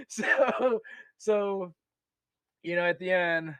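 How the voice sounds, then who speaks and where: A young man with a slightly high voice tells army stories as a podcast guest, full of laughter, false starts and quick asides. The sound is dry and close, with no room ring. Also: smooth, no echo. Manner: animated, laughs often, many restarts. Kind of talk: casual storytelling.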